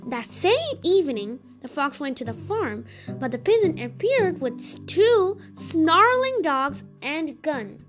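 A woman reading folktales aloud as a storyteller, gentle and expressive. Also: high-pitched, takes it slowly, faint music behind.

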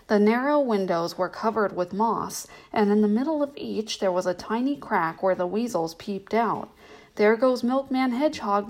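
A woman hosting a bedtime story reading, narrating in a gentle, measured way. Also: mid-range voice.

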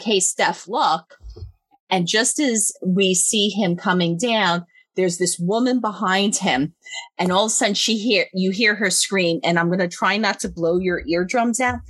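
A woman telling a story in casual chat, animated, swearing freely and laughing as she goes. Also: on the low side, no echo.

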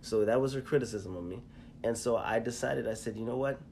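Low-voiced man telling a story. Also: gravelly, darkish tone, a little hiss or hum. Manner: storytelling, halting with fillers and restarts. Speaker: podcast co-host. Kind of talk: casual chat.

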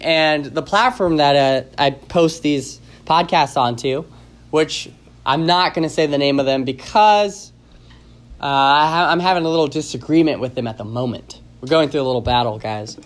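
Man, podcast host, raised pitch, casual chat, rambling, jokey, lots of fillers. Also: moderate pace. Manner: rambling and joking, with many fillers and restarts.

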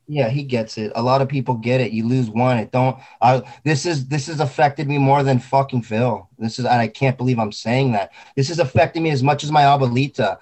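A man's voice: mid-range voice, a little fast, hardly any pauses, darkish tone. A man talking casually about grief, intense and rambling, swearing often. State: grieving. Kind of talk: emotional casual talk.

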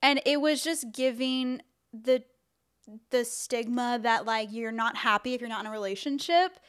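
A woman's voice: a little high, moderate pace, fairly bright tone, clear, resonant tone. A young woman co-hosting a podcast, rambling casually about a movie with many fillers. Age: young adult. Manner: rambling, lots of "like", restarts. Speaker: podcast co-host.

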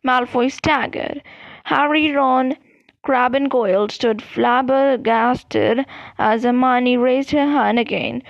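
Brief: woman podcast reader, steady read-aloud, dry close mic, dull lo-fi sound. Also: high voice, slow, vocal fry, no room sound. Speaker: podcast host reading a book aloud. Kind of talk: audiobook read-aloud narration.

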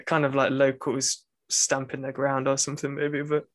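A man's voice: medium pitch, monotone, slow, no echo. A young man, a university student, telling a rambling story in casual chat, full of fillers and restarts.

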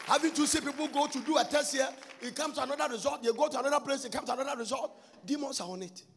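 A man preaches with a very high, gravelly voice, shouting and half-singing his lines and repeating them for emphasis. His voice rings with a long reverb through the church. Faint music plays underneath. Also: racing, slight background noise. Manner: fervent preaching that swings between shouted and sung phrases and repeats lines. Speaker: pastor. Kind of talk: sermon.

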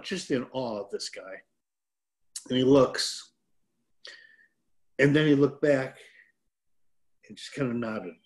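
An older man from Detroit, a former pro wrestler, telling a rambling, self-deprecating story as a guest on a chat show. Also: on the high side. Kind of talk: casual storytelling.

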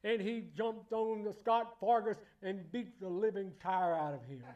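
A man preaching a sermon in church, emphatic and repetitive, building to loud exclamations. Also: high voice, unhurried, lo-fi sound.

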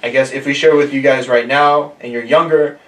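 A man's voice: mid-range voice, fairly even intonation, brisk, fairly bright tone, roomy sound, distant mic. A man in his twenties hosting a casual podcast, talking in a laid-back, rambling way with many fillers. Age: 20s. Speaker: podcast host. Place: room shared with guests.

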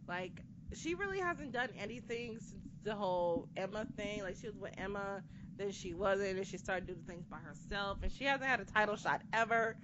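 A woman in casual chat who rants with lots of swearing and animated outbursts. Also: medium pitch, normal speed. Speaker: co-host discussing wrestling. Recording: dull lo-fi recording with faint noise.

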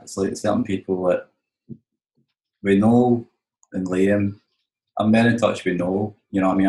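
A man's voice: low voice, a little mellow. A Scottish man, a touring musician, telling stories in casual, rambling, sweary chat, often saying "you know what I mean". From Scotland. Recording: roomy echo.

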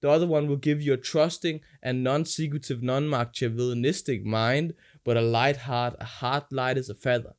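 Chatting loosely with his brother on a podcast, a man shares crude tales and wanders into sermons on forgiveness and the inner life, animatedly voicing the people he quotes. He's the older brother, speaking at medium pitch and normal speed with few pauses.

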